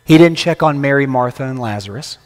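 A man's voice: medium pitch, brisk. A man preaching as a guest preacher, conversational and playful, quizzing the congregation with questions. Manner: playful humorous asides. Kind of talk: sermon. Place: church sanctuary. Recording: long church hall reverb.

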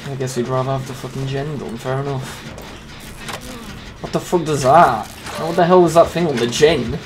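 A man giving casual, jokey commentary over a video game, swearing freely and reacting loudly. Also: mid-range voice, normal speed, noisy background. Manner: excitable, swears a lot, jokey. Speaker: gaming YouTuber.

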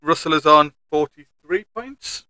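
A man's voice: a little high, lively intonation, measured pace, bright, forceful tone, no room sound, low-quality recording. A man with a Northern English accent keeping score aloud in a casual chat among gamers, often trailing off. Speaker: stream host and scorekeeper.

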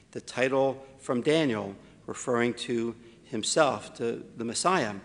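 Priest preaching in an echoing church. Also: male voice, mid-range voice. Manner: slows down for emphasis, wry asides. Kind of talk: homily.

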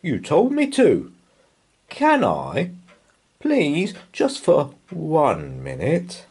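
A man's voice: a little high, huge pitch swings, extremely slow, a little mellow, breathy edge, voice pushed up, exaggerated voice. A man voicing an eager young boy elephant from a picture book, with a pleading manner.

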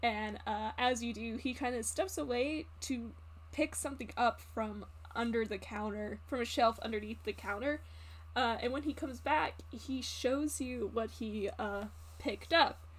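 A woman narrating as game master in a tabletop game, halting with many fillers. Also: fairly high pitch.

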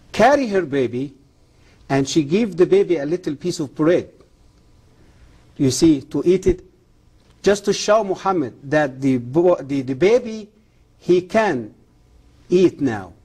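A man gives an earnest testimony in halting, ungrammatical English, with a husky, mellow voice that sits slightly high for a man. He speaks as an interview guest, pleading directly with the listener. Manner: earnest, halting non-native English grammar; preacherly appeal to the camera. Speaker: guest, former Islamic professor.

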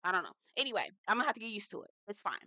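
A woman's voice: mid-range voice, big pitch swings, very fast, pushed and bright, no room sound. A woman giving a casual, slangy reality TV recap, swearing freely, laughing at her own points and calling the listener "girl".

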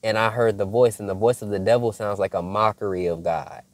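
A man's voice: on the low side, steady tone, fairly quick, no room sound. A man sharing a spiritual testimony in a casual, earnest way, talking straight to his viewers. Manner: conversational and earnest, addresses viewers as y'all. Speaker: faith content creator.

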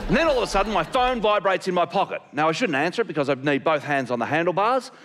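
A man doing stand-up comedy and telling a story in an animated, shouty way. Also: high voice, quick pace.

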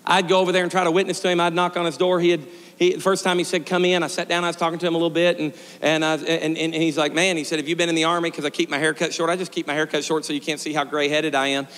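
A middle-aged male pastor preaching a storytelling sermon, swinging from shouted peaks to quiet, joking asides. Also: fairly high pitch, little pitch movement, very fast, few pauses. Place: church sanctuary. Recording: long church reverb.

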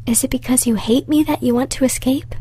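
Girl whispering a sad gentle beast guy, whispered role-play, breathy and soft. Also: medium pitch, steady tone, moderate pace, natural voice. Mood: pleading. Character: sorrowful gentle male beast.

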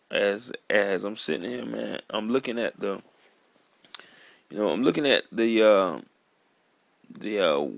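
A man in an earnest, halting vlog monologue, sitting at home at his computer. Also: fairly low pitch, vocal fry, no room sound. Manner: earnest, halting, repeats words and calls listener "man". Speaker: vlogger. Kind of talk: emotional monologue to camera.

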